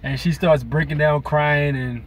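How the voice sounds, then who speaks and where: A man's voice: fairly high pitch, steady tone, a little slow, slight background noise. A man venting in a profane, rambling commentary to his viewers. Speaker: video blogger. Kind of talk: ranting commentary to camera.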